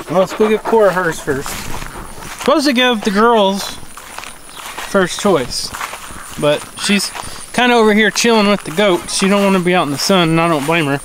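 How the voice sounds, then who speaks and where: High-voiced farmer outdoors. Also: male voice, normal speed, long pauses, noisy background. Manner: easygoing, chats with his dogs. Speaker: farmer and vlogger. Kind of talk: casual vlog narration. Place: outdoors on a farm.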